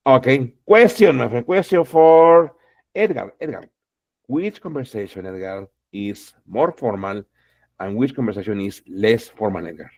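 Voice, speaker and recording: A man's voice: mid-range voice, animated, a little slow, dry recording. Guy teaching english, lots of "okay", "exactly", muffled lo-fi sound. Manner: encouraging, repeats "okay" and "exactly" often. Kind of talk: online English class. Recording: dull lo-fi sound.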